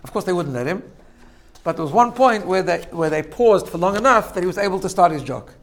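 Delivering an informal sermon, a high-pitched religious teacher speaks expressively at a fairly quick clip. He narrates stories, keeps checking in with "right?", and laughs at the jokes he makes.

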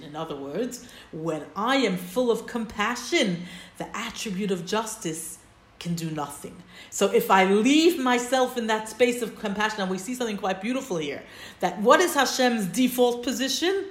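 A woman leads a text-study class at a middle pitch, walking through each point and checking in with her listeners. Her voice carries a noticeable roomy echo. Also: expressive, normal speed. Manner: explains step by step, checks in with "right?". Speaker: Torah teacher.

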